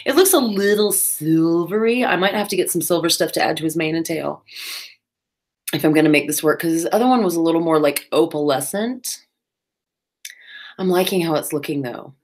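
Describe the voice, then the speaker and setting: A woman's voice: low voice, brisk, a little mellow. A woman, chatting casually on a crafting livestream, with playful asides.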